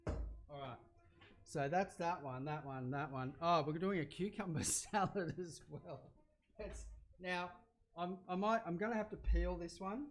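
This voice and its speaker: Chatty Australian chef, voice pitched a bit high. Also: male voice, measured pace, slight background noise. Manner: rambling and chatty, easily excited, gets loud. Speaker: chef hosting a cooking livestream. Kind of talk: casual cooking chat livestream.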